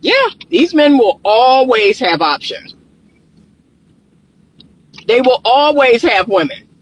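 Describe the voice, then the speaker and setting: A man's voice: extremely high pitch, very animated, slow, rough recording. A male therapist with a groggy morning voice, recording himself outdoors on his phone and talking emphatically to his viewers. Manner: emphatic, repeats points, talks to viewers directly. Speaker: relationship therapist. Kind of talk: casual vlog commentary. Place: outdoors in the sun. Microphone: phone held or propped nearby.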